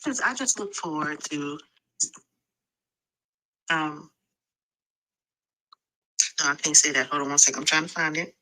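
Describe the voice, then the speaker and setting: Low, bright-toned woman guest. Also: a little slow, pauses often, rough recording. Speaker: livestream guest. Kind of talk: casual chat.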